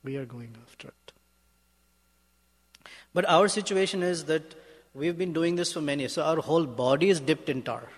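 A male spiritual teacher giving a sermon in a measured, emphatic way, often asking rhetorical questions. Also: fairly high pitch, slightly rough. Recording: long hall reverb.

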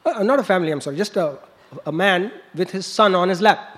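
A man's voice: high-pitched, animated, fairly quick, fairly bright tone. A man preaching, telling a story with laughs and sound effects. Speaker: monk preacher. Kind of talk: storytelling sermon.

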